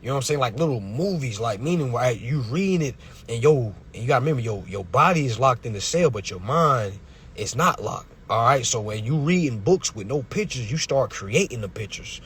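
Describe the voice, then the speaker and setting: Animated, profane man ranting on a live stream. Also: mid-range voice, a little fast, slight background noise. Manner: confrontational, preachy, profane.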